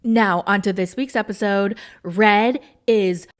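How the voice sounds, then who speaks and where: A young woman hosting a casual reality-show recap, animated and sarcastic, cussing and laughing a lot. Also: medium pitch, takes it slowly, heavy background noise. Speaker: host.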